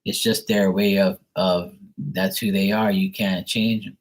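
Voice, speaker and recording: A man running a live tarot stream, chatting and rambling in a casual, loose way. His voice sits a bit low, and he swears freely and laughs often as he talks. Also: little pitch movement, a little slow, low-quality recording. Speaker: tarot reader.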